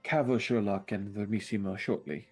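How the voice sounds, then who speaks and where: A man's voice: lowish voice, fairly even intonation, moderate pace, husky, soft background music. A man playing a tabletop game, casually and playfully suggesting ideas to the others. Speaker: player. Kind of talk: casual tabletop role-play.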